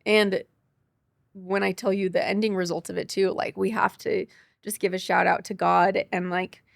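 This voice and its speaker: Gravelly-voiced woman telling her story. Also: medium pitch, little pitch movement, no room sound, clean studio sound. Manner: quick, tearful retelling with quoted dialogue. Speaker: podcast guest. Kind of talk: emotional personal storytelling.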